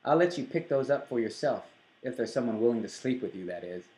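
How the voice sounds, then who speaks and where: A man's voice: mid-range voice, animated, fairly quick, mellow, echoey room, natural voice. A man doing a cocky vain young model. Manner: curt, dismissive.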